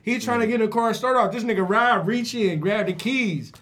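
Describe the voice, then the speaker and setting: A man who works as a barber, telling a story in an animated way, acting out the voices with lots of slang. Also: high-pitched, brisk. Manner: acts out every voice in his stories, slangy.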